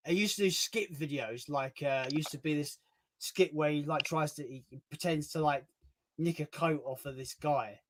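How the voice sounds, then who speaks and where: A man's voice: on the high side, moderate pace, crowd noise, poor audio. A man co-hosting a casual stream, chatting in a rambling, sweary way. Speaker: stream co-host. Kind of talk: casual chat. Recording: loud background noise.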